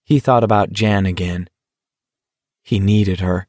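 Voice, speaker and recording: A man reading an audiobook in a steady, measured way. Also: sits low, no room sound, studio quality. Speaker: audiobook narrator. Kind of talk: audiobook narration.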